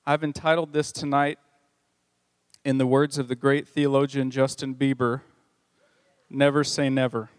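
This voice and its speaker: A man's voice: mid-range voice, little pitch movement, moderate pace, dry recording. A man preaching a sermon as pastor, reading scripture with a conversational manner and joking asides. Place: church.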